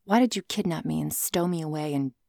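A woman reading the lines of an angry, suspicious young man held captive, speaking flatly with a sharp edge. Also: sits low, fairly quick, vocal fry, no echo, studio quality. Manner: flat, sharp-edged.

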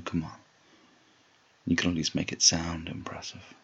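A man in a whispered role-play, speaking in a slow, low murmur with a commanding, teasing manner. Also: steady tone, fairly bright tone, breathy edge, muffled recording.

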